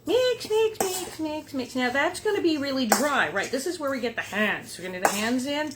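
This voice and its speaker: Brief: bright-pitched woman, chatty cooking-show host, playful, over clattering dishes. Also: animated, fairly quick, noisy background. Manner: playful and chatty, with silly sing-song asides. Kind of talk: casual cooking demonstration. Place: kitchen. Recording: kitchen clatter of dishes and utensils behind.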